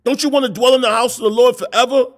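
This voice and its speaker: Rapid-fire and extremely high-pitched yet fairly even in intonation, this middle-aged man preaches on the street. He berates his audience through a combative sermon full of repeated rhetorical questions and coarse, blunt wording.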